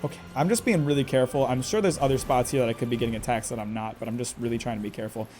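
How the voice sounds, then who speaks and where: A man's voice: mid-range voice, racing, darkish tone, soft background music. A man commentating live on his own gameplay in a chatty way, talking to himself and to the enemy and exclaiming often. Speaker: game streamer.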